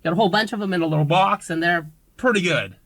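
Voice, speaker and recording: Grumpy, bright-voiced food reviewer. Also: medium pitch, fast, dry recording, poor audio. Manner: grumpy, complaining.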